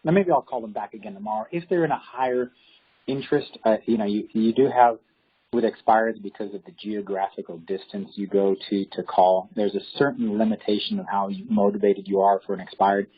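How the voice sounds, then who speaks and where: A husky-voiced man talks about real estate work in a relaxed interview. He tells his stories with animation and acts out the people in them. The recording sounds dull and lo-fi. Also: fairly low pitch, fairly quick. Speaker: real estate agent guest. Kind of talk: casual interview storytelling. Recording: dull lo-fi audio.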